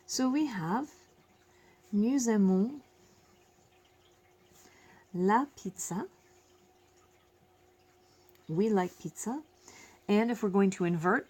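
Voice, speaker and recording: A woman teaching a French lesson, explaining slowly and repeating each phrase in both languages, with self-deprecating asides. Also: medium pitch. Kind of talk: classroom lesson.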